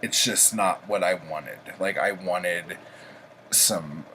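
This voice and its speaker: A man's voice: low-pitched, slow, bright, forceful tone, a little hiss or hum, low-quality recording. A man casually reviewing books he read this week, rambling with many ums and likes. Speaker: book reviewer, vlog host. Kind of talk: casual book review chat.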